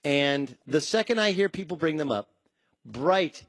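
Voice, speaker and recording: A man hosting a sports talk show, riffing in an animated way and acting out quotes in shifting voices. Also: fairly high pitch, measured pace, no echo. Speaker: sports talk radio host.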